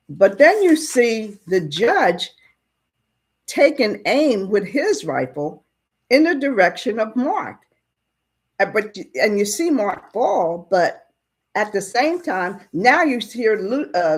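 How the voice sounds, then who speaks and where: Lively, slow-paced woman preaching. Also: medium pitch, breathy edge. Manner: animated, asks the listeners questions. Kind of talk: sermon storytelling.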